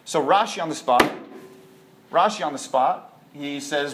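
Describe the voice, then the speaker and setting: A man giving an informal Torah talk, animated and conversational, full of rhetorical questions. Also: fairly high pitch, normal speed, noisy background. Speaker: Torah teacher. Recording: echoey room.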